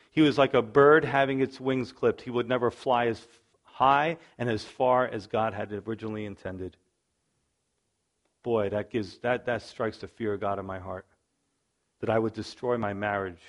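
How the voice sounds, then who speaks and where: A middle-aged man giving a sermon as a pastor, telling the story with drama and acting out the voices, swinging from loud bursts to hushed asides. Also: medium pitch.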